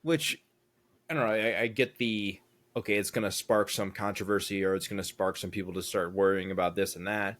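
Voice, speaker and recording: A man's voice: fairly low pitch, steady tone, fairly quick, fairly bright tone. A young American man co-hosting a casual podcast chat, rambling and thinking aloud with lots of fillers. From United States. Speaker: podcast co-host.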